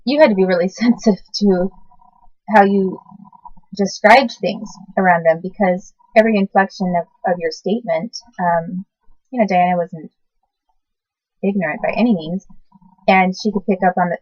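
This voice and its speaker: A woman in her forties recalling the past in a casual, halting way, often stopping to correct herself and search for words. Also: mid-range voice, a little mellow, no echo. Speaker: recalling past babysitting work. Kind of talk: casual personal recollection to camera. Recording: dull lo-fi sound.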